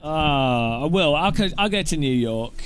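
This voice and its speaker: A man's voice: a little high, lively intonation, a little slow, faint music behind. A man with a British accent chatting casually on a live stream, joking and rambling as he answers chat. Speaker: sim racing streamer.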